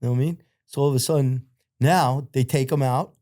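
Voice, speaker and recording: A middle-aged man telling prison stories as a podcast guest, full of swearing and repeated fillers, acting out other people's shouts. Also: medium pitch, fairly even intonation, brisk, no room sound, studio quality. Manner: profane, acts out other people's shouted lines; rambling, repeats filler phrases. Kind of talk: casual storytelling.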